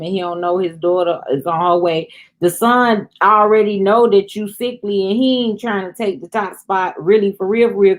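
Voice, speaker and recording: A woman hosting a review show, chatting casually through an episode recap and talking straight to her viewers. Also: mid-range voice. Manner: chatty, addresses viewers as "y'all".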